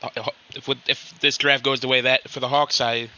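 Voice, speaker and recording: Male caller, flat and bright, lo-fi voice chat, stumbling delivery. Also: mid-range voice, normal speed, clear, resonant tone. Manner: stumbling, self-correcting. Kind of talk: casual sports chat. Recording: dull lo-fi voice chat.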